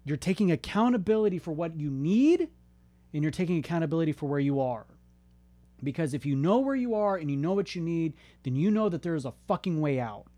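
A man in his thirties gives a candid motivational talk with a fairly high, animated, mellow voice at a fairly quick pace, and there's no echo. He's blunt, impassioned and swears a lot as he urges listeners to open up and ask for help.

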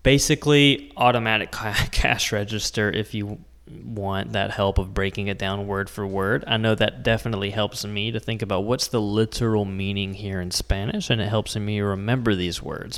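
A man from the United States teaching Spanish words in a patient, explaining lesson, slowing down to spell out each word. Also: lowish voice, a bit bright, smooth, big-room sound. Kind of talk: scripted language lesson.

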